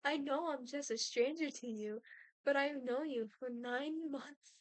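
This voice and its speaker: A woman plays a possessive young woman, obsessed with a stranger, who speaks in a high voice and draws every word out slowly. Her delivery is intimate and quietly menacing. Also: dry recording. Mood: obsessive.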